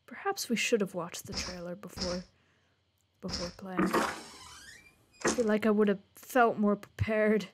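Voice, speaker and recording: Young woman playing a horror game on stream, slow easy talk, lots of hiss behind her. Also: mid-range voice, steady tone. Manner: jumpy and swearing, joking to chat. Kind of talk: horror game let's play commentary.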